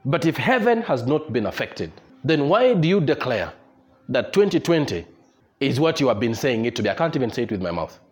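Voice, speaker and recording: A man's voice: medium pitch, big pitch swings, brisk. A man preaching a sermon as pastor, repeating his points emphatically and leading the congregation in prayer. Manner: emphatic, repetitive exhortation, leads congregation in prayer. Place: church service with congregation.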